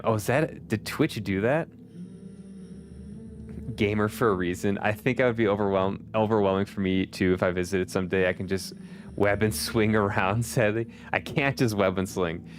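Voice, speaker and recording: A man streaming a video game, chatting casually with his viewers, laughing often and swearing now and then. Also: sits low. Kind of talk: casual chat while gaming. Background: faint background music.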